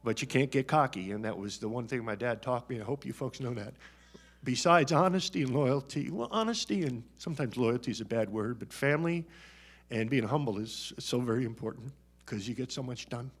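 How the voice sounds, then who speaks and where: A man's voice: mid-range voice, a little fast. An older man giving a retirement speech at a press conference, folksy and joking, and choked up at times. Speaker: retiring athletics director.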